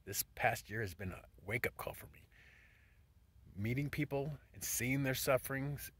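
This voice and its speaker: A man vlogging a casual, profane monologue, swinging between loud rants and hushed whispers. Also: medium pitch, moderate pace, breathy edge, no echo.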